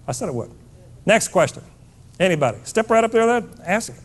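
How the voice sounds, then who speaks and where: Brash guy preaching a keynote, real high voice, swings up and down a lot, blunt and punchy. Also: very animated, a little fast. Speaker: motivational keynote speaker. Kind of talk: fired-up keynote speech to a live audience.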